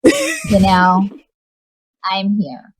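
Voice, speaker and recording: A woman's voice: mid-range voice, huge pitch swings, very slow, husky. A woman guest on a podcast in casual chat, rambling and hesitant.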